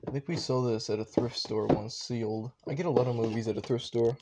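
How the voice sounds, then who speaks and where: A young man rambles offhand at home, shrugging off half his own remarks with little asides. His voice sits at an ordinary middle pitch. A steady hiss and handling clicks run under the recording. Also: fairly quick. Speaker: vlogger. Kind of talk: casual offhand commentary. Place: home room with shelves.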